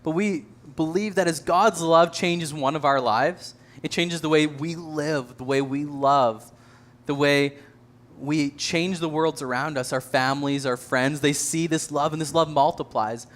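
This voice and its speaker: A man's voice: a little high, a little slow, a bit bright. A man leading a church service, speaking earnestly with some light self-deprecating humor. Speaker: church leader. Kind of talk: sermon.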